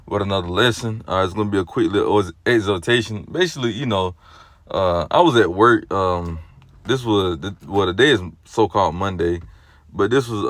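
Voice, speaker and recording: A lay religious teacher gives a casual spoken exhortation with no room sound. He rambles, leaning on fillers like "you know" and "or whatnot," and shifts between low, subdued stretches and loud, animated bursts.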